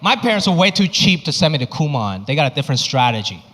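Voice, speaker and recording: A male stand-up comedian performing his set on a comedy club stage into a handheld mic, animated and acting out voices. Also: on the high side, quick pace, slight background noise. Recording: echoey club with faint crowd.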